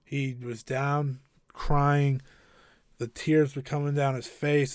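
Excitable man recapping wrestling, dry sound. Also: mid-range voice, takes it slowly, clean tone, no echo. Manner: enthusiastic, opinionated, rambling with fillers. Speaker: wrestling show reviewer. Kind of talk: casual recap commentary.

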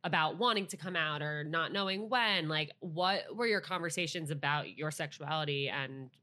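A woman interviewer with a fairly low but bright voice asks questions in an easy, conversational way. She reacts readily and laughs along with her guest. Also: normal speed. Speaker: host. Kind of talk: casual interview.

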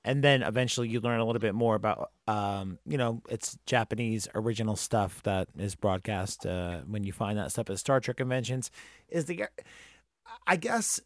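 A man's voice: fairly low pitch, animated, moderate pace, dry recording, studio quality. A man hosting a podcast in casual chat, loose and thinking aloud, with some swearing. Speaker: podcast host.

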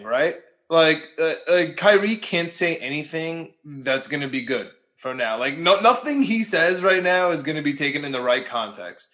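A man's voice: a little high, fairly bright tone. A man talking sports on a podcast, reasoning through his point casually and checking in with "right?".

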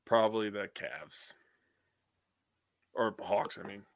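A man's voice: lowish voice, slow pace, no room sound. A young man from Wisconsin co-hosting a sports podcast, talking bluntly and opinionatedly, with some swearing. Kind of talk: casual chat.

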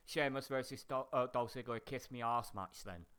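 Bright-voiced blunt man. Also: medium pitch, normal speed, clean tone. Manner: blunt, sweary, incredulous. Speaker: podcast co-host. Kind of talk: casual wrestling chat.

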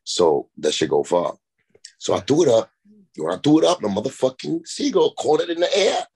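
A man's voice: medium pitch, normal speed, husky. A man, a rapper and podcast guest, telling rambling, profane stories in a casual chat. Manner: rambling, profane, animated anecdotes.

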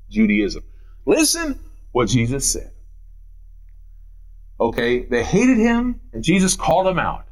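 Lively, high-voiced male preacher. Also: low-quality recording. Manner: emphatic preaching with heavy repetition, swinging between loud and hushed. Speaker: pastor. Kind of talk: sermon. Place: church.

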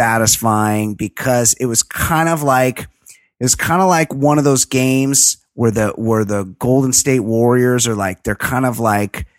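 A man co-hosting a casual podcast, swearing freely and getting animated as he retells a dating show episode. His voice sits at an ordinary pitch and sounds dry, close to the mic with little room echo. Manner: profane, animated retelling with laughs. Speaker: podcast co-host. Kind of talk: casual chat recapping a TV show.

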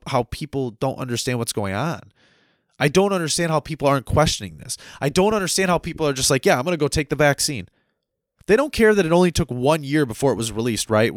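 An agitated man from the United States rants straight to the listener, circling back with "right?" after his points. He repeats words as he pushes forward, and his mid-pitched voice sits in a dry, close-sounding space. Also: no room sound. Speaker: commentator. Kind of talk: ranting monologue.

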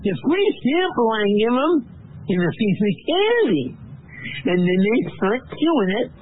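A man voicing a crude, boastful door-to-door salesman who tells his story haltingly, over a tinny phone-like line. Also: extremely high pitch, sing-song, a little hiss or hum.

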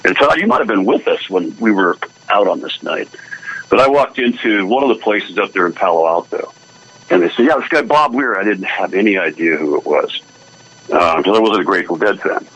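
A man's voice: sits low, lively intonation, fairly quick, a bit bright, husky, rough recording. A middle-aged man, a guest musician, chatting easily on a radio show and telling stories with frequent laughs. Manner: easygoing storyteller, laughs often. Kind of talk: casual radio chat.

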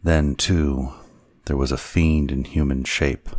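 A man narrating a classic story in a measured, even reading. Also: a bass voice, no room sound. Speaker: audiobook narrator.

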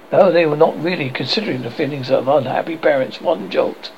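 A man reading a classic children's novel aloud as an audiobook narrator, expressive and lively. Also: fairly high pitch, moderate pace, creaky, few pauses, dull audio, a little hiss or hum. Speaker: audiobook reader.

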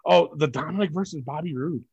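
A man's voice: a little high, fairly quick, creaky, slightly rough, no room sound, dull audio. A man from Puerto Rico co-hosting a wrestling podcast, ranting bluntly and swearing freely in casual chat. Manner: blunt, profane, animated rants. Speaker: podcast co-host.

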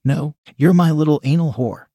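A man voicing a dominant, teasing man who speaks low, soft and commanding. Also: normal speed, dry recording, clean studio sound.

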